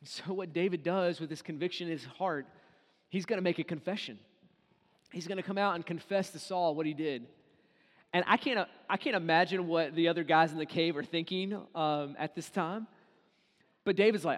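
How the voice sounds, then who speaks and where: A man with a high voice preaches a sermon in a lively casual way and acts out quoted lines. His voice carries a long reverb, as in a large hall. He tells the story as if talking with friends. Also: moderate pace. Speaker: pastor.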